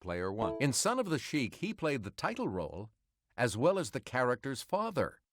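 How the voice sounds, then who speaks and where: A man hosting a quiz game, reading each clue in a crisp, measured announcer style. His pitch moves freely and expressively through every line, sitting at an ordinary middle height for a man. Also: huge pitch swings, background noise. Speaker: quiz show host. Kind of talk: reading quiz clues and answers.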